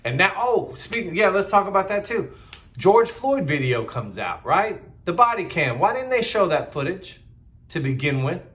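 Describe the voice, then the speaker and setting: A man's voice: sits high, sing-song, normal speed, fairly bright tone. A middle-aged man, giving a blunt, heated, repetitive political rant in a casual monologue. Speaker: political commentator.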